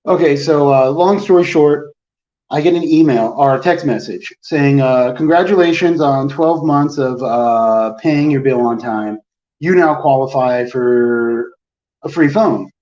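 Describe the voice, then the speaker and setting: A man with a mid-range, slightly mellow voice tells a long, exasperated story at a measured pace in casual chat, rambling and acting out everyone involved. He's an adult who has had a phone plan since the early 2000s. The audio is roomy, distant, dull, and lo-fi.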